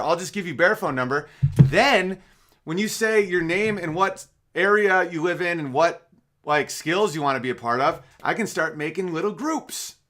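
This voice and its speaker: Casual male livestream host, a bit high-pitched, rambling and profane, with mumbled asides and sudden loud bursts. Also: lively intonation, moderate pace. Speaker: podcast host reading listener messages.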